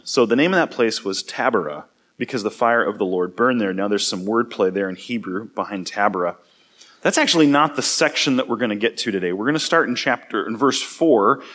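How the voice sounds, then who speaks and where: A man's voice: on the low side, lively intonation, a little fast, a bit bright. A man teaching a Bible passage, reading the verses aloud with dramatic emphasis and breaking off for casual, chatty explanations with the odd slip. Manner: reads dramatically, voicing the speakers with rising emphasis; casual asides with fillers and small slips. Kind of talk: scripture reading with casual commentary.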